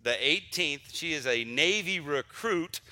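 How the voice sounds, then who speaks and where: A man's voice: a little high, lively intonation, a little slow. A middle-aged man, a pastor, giving church announcements and praying aloud, emotional and stumbling through restarts. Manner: warm, emotional, repetitive restarts. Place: church sanctuary during service.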